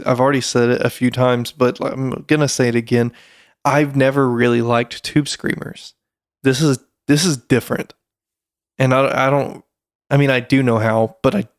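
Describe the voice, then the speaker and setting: Man, podcast co-host, rambling casual talk, mid pitch, dry close mic. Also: no echo. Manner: chatty, rambling with fillers and restarts.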